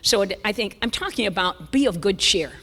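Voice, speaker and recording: A woman in her seventies giving a conference talk, a lively, self-mocking storyteller. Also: medium pitch, a little fast, slight background noise. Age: 70s. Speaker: conference speaker. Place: church sanctuary. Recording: reverberant church hall.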